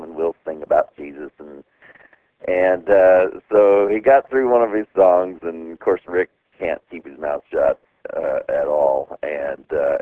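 Brief: very low-voiced male radio co-host, rambling storyteller, tinny dry phone audio. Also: no echo. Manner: rambling, many fillers and laughs. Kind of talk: casual storytelling chat. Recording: dry phone-line sound.

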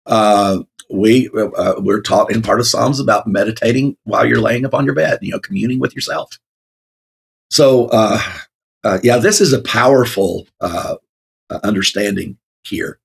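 A man's voice: on the low side, normal speed, gravelly, slightly rough. A man co-hosting a casual Bible discussion, rambling with many fillers and frequent laughs. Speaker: co-host of a Bible talk show.

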